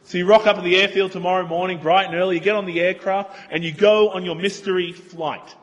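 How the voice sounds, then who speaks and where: A male preacher gives an earnest, emphatic sermon in a fairly high voice. He slows down on his key points, and his words carry a long echo through the church hall. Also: steady tone, lo-fi sound.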